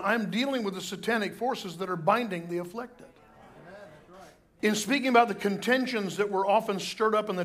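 A man's voice: sits high, fairly bright tone. A man pastor giving a sermon in a conversational way, with joking asides and restarts.

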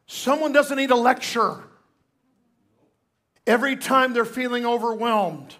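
An older male pastor delivering a sermon with a high, light voice. He tells stories and swings between hushed moments and loud, emphatic bursts. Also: measured pace.

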